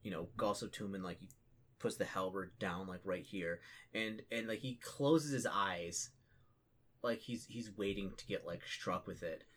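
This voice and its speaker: A man's voice: deep voice, unhurried, a bit bright, slight background noise. A man narrating as game master, rambling with lots of fillers. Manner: rambling, full of fillers and restarts.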